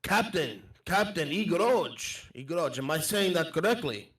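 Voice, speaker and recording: A man's voice: a little high, animated, a bit bright, voice pushed up. Give me a man as an earnest traveling mage who talks in stiff, broken phrases during a tabletop game. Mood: curious. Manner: halting formal speech, drops articles. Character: earnest male traveler mage, formal and friendly. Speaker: player. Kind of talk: tabletop role-play.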